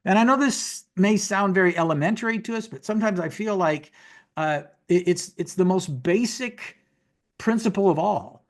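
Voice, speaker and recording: A man's voice: high voice, normal speed. Folksy man in his sixties preaching. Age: 60s. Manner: folksy, repeats words and phrases for emphasis. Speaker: guest minister teaching. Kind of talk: conversational preaching. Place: upstairs home office. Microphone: video call.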